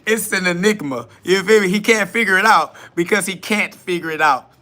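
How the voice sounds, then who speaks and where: Podcast host, male, bright slightly high voice, blunt and mocking, laughs at his chat. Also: brisk. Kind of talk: live solo podcast answering chat questions.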